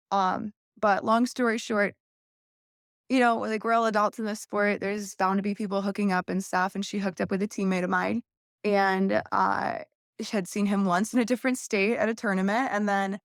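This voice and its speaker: A woman's voice: mid-range voice, gravelly, no echo, clean studio sound. A young adult woman, a podcast guest, telling a long story candidly in a casual interview and acting out quoted voices.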